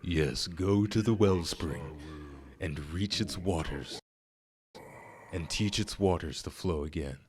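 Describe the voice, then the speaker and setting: A man voicing an ancient male frog guardian in a game, speaking slowly and gravely. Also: deep voice, a little hiss or hum. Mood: solemn. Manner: slow, grave and deliberate.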